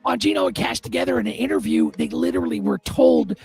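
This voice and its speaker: A man co-hosting a casual chat, excitable and animated, swearing freely. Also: high-pitched, fast talker, vocal fry, soft background music. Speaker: podcast co-host.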